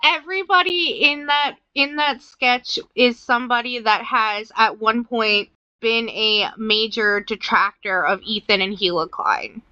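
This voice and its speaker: A young woman with a high, bright voice talks slowly and bluntly, tossing in slang and laughing often. The recording is dry and dull, with a lo-fi sound. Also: clean tone, no room sound. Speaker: podcast co-host. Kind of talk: casual chat.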